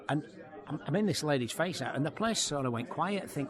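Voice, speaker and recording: A man's voice: on the high side, brisk. A man, a comedian telling stories in an interview, acting out voices and laughing often. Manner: lively storyteller, acts out voices, laughs often. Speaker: comedian guest. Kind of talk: anecdotal interview chat. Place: outdoor launch event. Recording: busy crowd behind. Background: crowd chatter.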